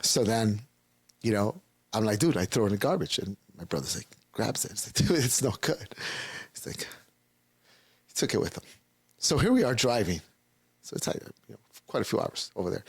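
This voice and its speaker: Guy telling his own story on an interview, gravelly and husky, keeps jumping into other people's voices, dry close sound. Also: lowish voice, big pitch swings, moderate pace, no room sound. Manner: rambling storytelling, acting out quoted voices. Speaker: interview guest. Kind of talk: casual personal testimony.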